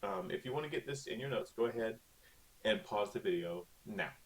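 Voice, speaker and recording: A man's voice: lowish voice, expressive, fairly quick. A male teacher talking casually through a recorded online lesson, with lots of okays and ums. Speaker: Spanish teacher.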